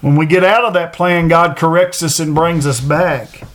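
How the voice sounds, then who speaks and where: High-voiced preacher giving an earnest sermon. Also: male voice, fairly even intonation, fairly bright tone. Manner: earnest, repeats phrases for emphasis, slows to read verses aloud. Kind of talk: sermon on a Bible passage.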